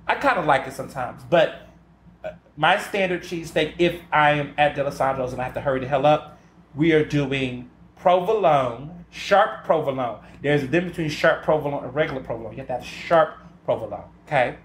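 A man's voice: fairly high pitch, brisk. A man hosting a podcast, chatting casually alone in a sassy, emphatic way and often stopping to ask "okay?" for emphasis. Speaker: podcast host. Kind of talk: casual solo chat. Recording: roomy echo with faint ambient noise.

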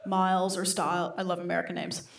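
A woman's voice: lowish voice, little pitch movement, quick pace, gravelly. A young woman from England, doing a chatty, self-mocking stand-up set and laughing along with the audience. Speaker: stand-up comedian. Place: comedy club stage. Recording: roomy live club recording with audience noise.

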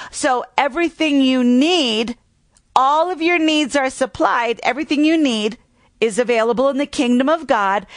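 A woman's voice: fairly high pitch, dry recording. A woman teaching the Bible in a methodical way, carefully citing and repeating scripture references.

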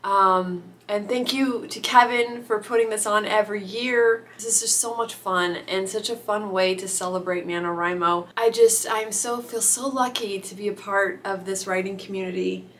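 A young adult woman vlogging, emotional and gushing, with halting restarts. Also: mid-range voice, fairly even intonation, a bit bright, slight background noise. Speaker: author vlogger. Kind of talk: casual vlog chat.

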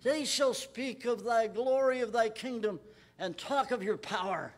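Male pastor, high voice, emphatic Bible-study preacher who lifts his voice on scripture. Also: unhurried. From Texas. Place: church.

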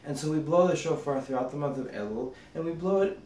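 A man, a rabbi, teaching a meditation by gently telling a parable. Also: on the high side, fast talker. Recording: roomy echo, distant mic, faint noise.

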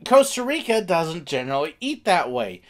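A man casually telling a funny family story, animated and acting out the quoted bits. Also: on the high side, moderate pace.

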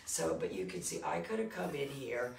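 A woman dog trainer chatting casually on a livestream, rambling and animated, acting out other people's voices as she talks. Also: extremely low pitch, moderate pace, creaky. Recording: echoey room with background noise.

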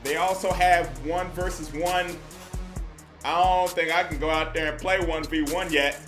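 A man, calling out a basketball video game in loose, excitable slang. He shouts at his on-screen teammates and keeps up a running commentary. The voice sounds roomy and echoey, with game music playing underneath. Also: on the high side, normal speed. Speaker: gaming YouTuber. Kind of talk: casual gameplay commentary.

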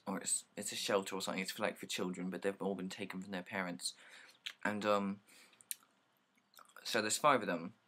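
A man's voice: sits low, little pitch movement, a little fast, pauses often, pushed and bright, low-quality recording. A young man casually summarizing plays, rambling with lots of likes and ums and casual swearing.

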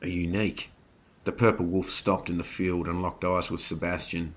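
A man narrating a scripted horror story in a steady, dramatic manner. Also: low voice, moderate pace, slight background noise.

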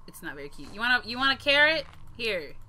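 A woman plays a video game and comments as she goes, with sassy, excitable reactions. Her voice is fairly high, animated and very bright. Game music plays faintly underneath. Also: fast talker. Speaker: gamer. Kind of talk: let's play commentary.

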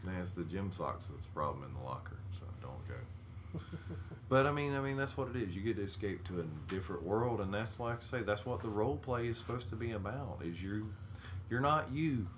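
A man's voice: lowish voice, expressive, fairly quick, a little hiss or hum. A man, co-hosting a casual podcast chat, telling stories animatedly and laughing mid-sentence. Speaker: podcast co-host.

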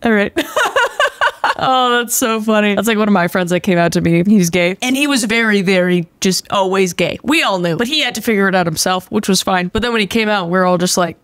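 A woman hosting a reaction video, chatting casually in an animated, joking way with frequent laughs and exclamations. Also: medium pitch, fairly quick, no echo.

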